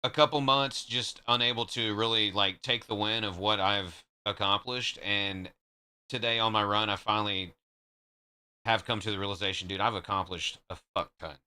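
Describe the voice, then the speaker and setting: A man's voice: lowish voice, fairly even intonation, normal speed, pushed and bright, clean tone. A man streaming live, trading joking, profane banter with his chat in casual talk.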